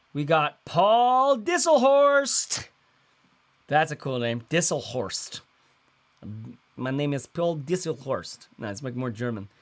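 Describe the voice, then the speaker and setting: A man in his thirties hosting a casual livestream, talking in a loose, rambling way with lots of fillers and slang. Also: mid-range voice. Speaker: host.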